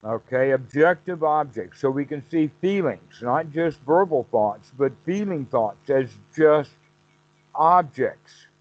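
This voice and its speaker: A man's voice: on the high side, animated, takes it slowly, highs cut off. A man teaching meditation on a call, explaining patiently and acting out the mind's inner self-talk in quotes.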